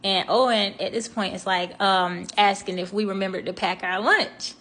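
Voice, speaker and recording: Young woman, casual storyteller, chatty with frequent ums and laughs, mid-pitched voice. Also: steady tone, moderate pace, fairly bright tone, slight background noise. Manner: chatty, laughing, many fillers and restarts.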